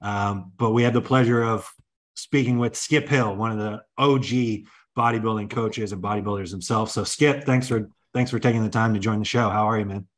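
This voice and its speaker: A man's voice: fairly low pitch, steady tone, brisk. A man hosting a casual podcast, upbeat and friendly, asking long questions with frequent restarts. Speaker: podcast host.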